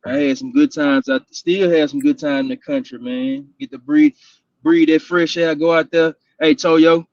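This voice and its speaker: A man's voice: a little high, moderate pace, dry recording, muffled recording. A man from Houston, Texas, telling laid-back hunting stories in casual chat and laughing often.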